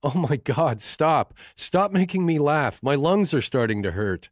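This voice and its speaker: A male audiobook narrator voicing a teasing, giggly young woman in a romance novel, his pitch lifted for her lines. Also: lively intonation, normal speed, darkish tone, dry recording, clean studio sound, close to an everyday voice. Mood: laughing. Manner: teasing, breaking into laughter.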